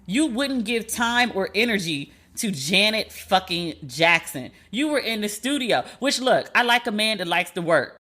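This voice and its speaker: A woman's voice: medium pitch, very animated, normal speed, hardly any pauses, sharp tone. Sassy, profane woman podcast host. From United States. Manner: emphatic, sassy, profane, repeats lines for effect. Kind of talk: casual commentary rant.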